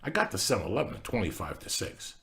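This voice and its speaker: Guy in his middle years, rough fry in the voice, low, tells stories and does the voices. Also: quick pace. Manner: gravelly, animated street storyteller acting out voices. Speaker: podcast host. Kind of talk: casual storytelling.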